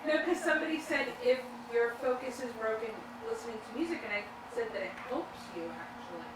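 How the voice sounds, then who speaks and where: A woman's voice: on the high side, expressive, quick pace. A woman co-hosting a live stream, reading viewer questions aloud in a chatty, giggly, self-deprecating way. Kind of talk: casual live-stream chat. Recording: echoey room, off-mic, noisy.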